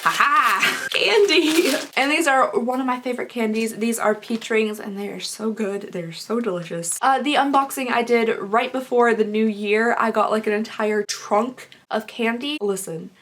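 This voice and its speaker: A young woman chatting through an unboxing, rambling and easily excited, her voice rough from being sick. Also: on the high side, normal speed, hardly any pauses. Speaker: unboxing vlogger. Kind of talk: casual unboxing chat.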